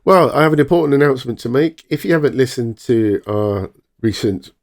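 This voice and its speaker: A man's voice: medium pitch, animated, fairly quick, a little mellow. A man co-hosting a casual podcast, reading out news in a mock-formal announcing manner.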